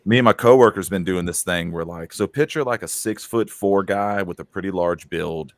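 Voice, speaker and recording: A man with a deep, low voice chats casually as a podcast co-host, rambling loosely through his stories. The sound is dry and close, with no room around it. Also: moderate pace, no room sound. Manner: rambling, laid-back storytelling with many fillers. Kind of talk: casual chat.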